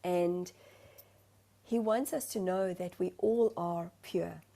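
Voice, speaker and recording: A woman's voice: fairly low pitch, takes it slowly, creaky, mellow. A woman from South Africa, a spiritual medium, talking earnestly over a video call and searching for her words. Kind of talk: heartfelt conversational sharing.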